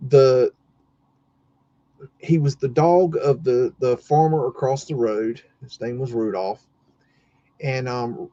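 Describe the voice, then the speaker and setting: A man's voice: medium pitch, mellow, no room sound, muffled recording. A man hosting a livestream, telling a story casually and rambling with many fillers and restarts. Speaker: livestream host.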